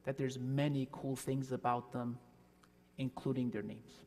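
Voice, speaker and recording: An imam from New Jersey talking to children at a worship service in a relaxed, friendly way. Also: male voice, mid-range voice, a little slow. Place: church sanctuary. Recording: long church hall reverb.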